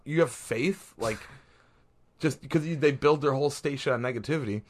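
A man's voice: fairly high pitch, fairly quick. Rambling male sports podcast co-host. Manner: rambling, many fillers and restarts. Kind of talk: casual sports chat.

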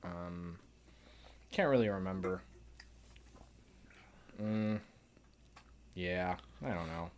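A young man co-hosting a podcast, a lawyer, chatting casually in a careful, measured way. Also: low-pitched. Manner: measured, careful, many short agreements.

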